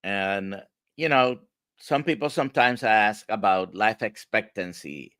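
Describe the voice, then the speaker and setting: A man with a Spanish accent hosts a livestream interview, his voice very deep and the delivery slow and halting. He often repeats a word before going on. The sound is bright and dry. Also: no room sound. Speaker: host.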